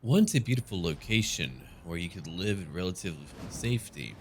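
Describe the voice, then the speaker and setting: A man's voice: deep voice, expressive, moderate pace, a little mellow, breathy edge. A man giving gameplay commentary as a gaming channel host, with dry, joking asides.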